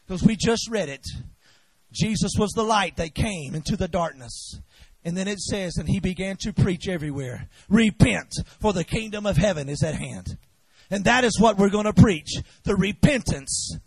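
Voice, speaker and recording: A man from preaching a fiery revival sermon, swinging from shouted exhortation to low, intense urging and leading the congregation in call-and-response. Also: animated, moderate pace, slightly rough, no room sound.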